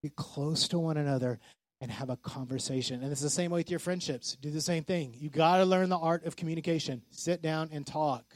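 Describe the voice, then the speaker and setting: A man preaching a casual, animated sermon as a pastor, acting out the people he quotes. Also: fairly high pitch, brisk, few pauses, no echo.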